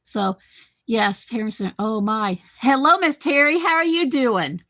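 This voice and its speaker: A woman's voice: on the high side, lively intonation, unhurried, sharp tone, no room sound. Chatty woman in her fifties. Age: 50s. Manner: rambling, chatty, talks to viewers by name. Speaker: live-stream host. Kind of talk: casual live-stream chat. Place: home kitchen. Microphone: computer microphone.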